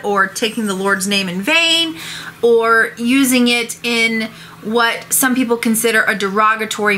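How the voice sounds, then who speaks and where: Bright, animated woman vlogging. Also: on the high side, a little hiss or hum. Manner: animated, expressive. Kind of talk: casual talking-head vlog.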